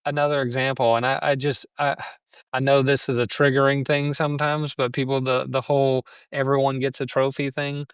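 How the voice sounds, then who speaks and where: Man as podcast guest, mid pitch, reflective storyteller, dry close sound. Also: level tone, brisk, clear, resonant tone, no echo. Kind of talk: conversational interview.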